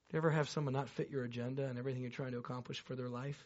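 A man preaching a sermon and telling a personal story, swinging between loud excited bursts and hushed, low passages, talking straight to the congregation. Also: very fast. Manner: chatty, addresses the congregation directly with asides. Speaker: pastor. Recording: dull lo-fi recording.

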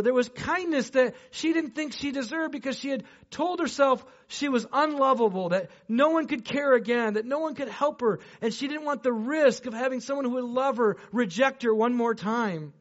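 High-voiced animated male preacher. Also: moderate pace, hardly any pauses. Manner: animated, swinging between loud excited bursts and hushed low passages; chatty, addresses the congregation directly with asides. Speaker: pastor. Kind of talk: sermon with personal story. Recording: dull lo-fi recording.

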